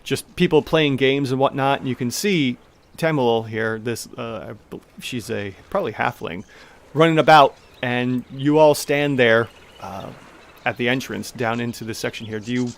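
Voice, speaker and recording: A man's voice: mid-range voice, vocal fry. A man narrating as game master, loose and rambling with many fillers.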